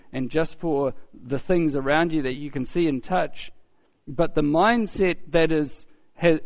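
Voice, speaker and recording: A man delivers a sermon in a fairly high voice. He talks in a relaxed storytelling manner and keeps tossing in tag questions like a friendly preacher checking in with the congregation. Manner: frequent rhetorical tag questions and repeated phrases.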